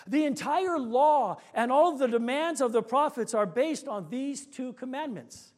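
A man pastor preaching a sermon, telling stories and slowing down on key points. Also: very high voice, animated. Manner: storytelling preacher, slows for emphasis, rising to shouts in anecdotes.

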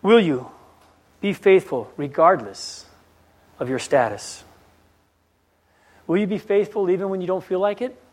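Preacher guy w a high voice, firing off question after question. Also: a little slow, long pauses, a little mellow. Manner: repeated rhetorical questions and storytelling. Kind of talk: sermon.

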